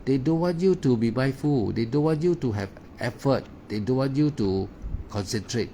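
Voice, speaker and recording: A man's voice: medium pitch, normal speed, warm tone, a little hiss or hum. A man teaching meditation in a Dharma talk, in broken English with many "ah" fillers and repeated words. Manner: non-native English grammar.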